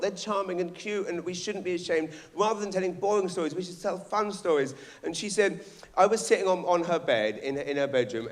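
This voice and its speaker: An English man performing live stand-up comedy on a theatre stage, telling brash, sweary stories with lots of energy. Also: medium pitch. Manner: brash, swearing, animated storytelling.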